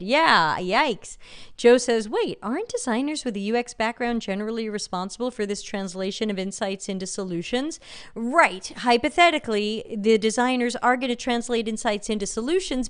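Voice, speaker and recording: Woman w light new york accent, livestream host, sardonic, smooth clear voice. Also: a little high. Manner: blunt, sardonic, reads chat comments aloud. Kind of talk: live-stream commentary.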